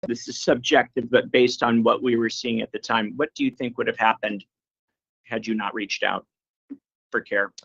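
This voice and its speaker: A man questioning a witness at a hearing, asking halting, hesitant questions. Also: medium pitch, little pitch movement, creaky, a bit bright, husky, dry recording, lo-fi sound. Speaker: medical practitioner questioning a witness.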